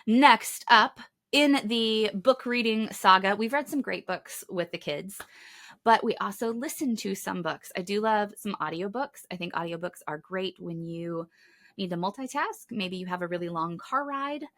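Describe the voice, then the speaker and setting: A middle-aged woman hosts a podcast from home, chatting with animated enthusiasm. Her voice sits at an ordinary pitch, and she keeps up a friendly stream of asides and little fillers. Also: normal speed. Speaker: children's ministry podcast host. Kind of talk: casual product recommendations. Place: home, in Kentucky.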